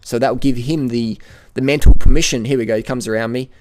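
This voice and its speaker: A middle-aged man gives live commentary while riding a bike up a hill outdoors. He narrates with excited play-by-play and repeats his phrases, on a camera mounted on the bike or rider. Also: medium pitch, fast. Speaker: cycling vlogger.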